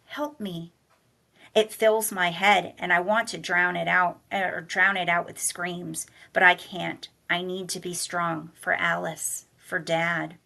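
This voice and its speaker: A woman reading a novel aloud in a measured, soft-spoken way, slowing down on the somber passages. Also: on the low side, vocal fry. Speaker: college director and humanities teacher reading aloud.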